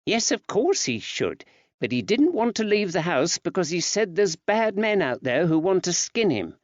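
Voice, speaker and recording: A man's voice: sits high, very animated, normal speed, no room sound, voice pushed up. A man voicing a fond, fretful wife. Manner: warm, earnest and chatty. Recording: dry, slightly dull recording.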